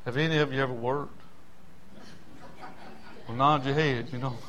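An older man preaching a sermon, passionate, dropping from hushed storytelling to shouting. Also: medium pitch, steady tone, normal speed. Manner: impassioned, swings from hushed to shouting.

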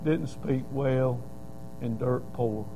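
A man's voice: medium pitch, slow, warm tone, slight background noise, poor audio. A middle-aged man preaching a sermon, telling stories in a folksy way and building to emphatic cries.

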